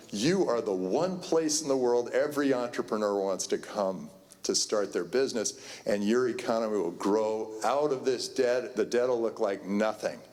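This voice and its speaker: Here a man of medium pitch and somewhat dark tone delivers a conference keynote, spinning a meandering anecdote. He keeps restarting and leaning on fillers. The sound carries a long reverb from the hall.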